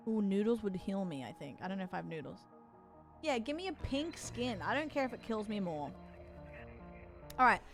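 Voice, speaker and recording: Her voice is a little high with a fairly bright tone. She's a young woman streaming a game, talking casually with viewers in typical stream chat, reacting aloud and cursing now and then.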